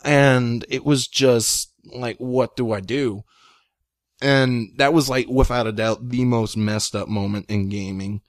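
A young man telling a long story in casual chat, rambling and excitable, with many fillers. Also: medium pitch, a little slow, hardly any pauses, no echo, studio quality. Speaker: guest storyteller.

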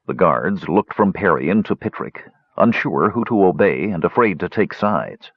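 A man narrates an audiobook in a husky, lowish voice with lively, varied pitch. The recording is dry and dull. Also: a little slow, no echo. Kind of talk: scripted narration.

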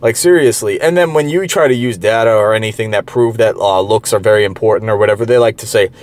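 A man's voice: lowish voice, quick pace, darkish tone. A man ranting in a profane monologue, heated and derisive, rambling with many restarts and filler words. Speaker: online commentator.

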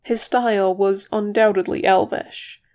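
A reader narrating fan fiction aloud in a steady, even manner. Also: medium pitch, measured pace. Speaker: audiobook reader.

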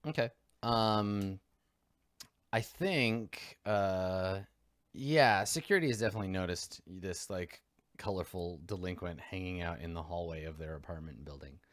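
A man's voice: low-pitched, a little slow, a bit bright, no echo, studio quality. A man narrating as game master of a tabletop role-playing game, rambling with lots of fillers.

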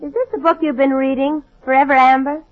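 A woman's voice: high-pitched, fairly even intonation, brisk, dull audio. A woman with a dry, teasing manner, playing herself in 1940s radio comedy. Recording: noisy old radio broadcast with loud audience.

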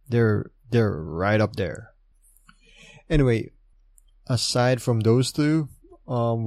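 Slow, chatty man recapping. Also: medium pitch, a little mellow, no echo, studio quality. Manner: chatty, enthusiastic fan, frequent asides and fillers. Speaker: podcast host recapping wrestling shows. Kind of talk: casual monologue recap.

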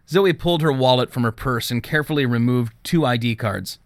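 A man reading an audiobook in scripted narration, with a steady, even storytelling manner on a close studio mic. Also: mid-range voice, fairly quick, dry recording.

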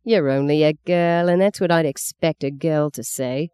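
Storybook older brother, cocky and scornful, quick, voiced by the reader. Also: medium pitch, darkish tone, smooth, no echo, lightly acted.

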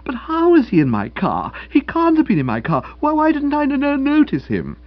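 A man's voice: mid-range voice, wildly swooping pitch, moderate pace, husky, dry recording, dull audio, heavily acted. A man voicing a flustered young male author who stammers and pleads his case at length. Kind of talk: audiobook character reading.

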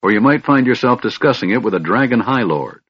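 A man reading an audiobook, voicing a gruff, snappish male dwarf, in a dull lo-fi recording. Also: mid-range voice, lively intonation, fairly quick, fairly bright tone, no room sound, voice pushed up. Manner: curt and snappish.

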